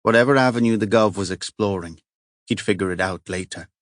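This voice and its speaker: A male audiobook narrator reads a crime novel aloud steadily and with measure, as scripted narration. His fairly low voice sounds dry and close to the mic, with no surrounding room.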